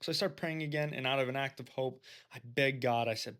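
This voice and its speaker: A faith-based self-help video host speaks at a medium pitch, steady in tone, fairly quick and fairly bright. He addresses his viewers earnestly and directly, offering a personal testimony and urging them on like a preacher.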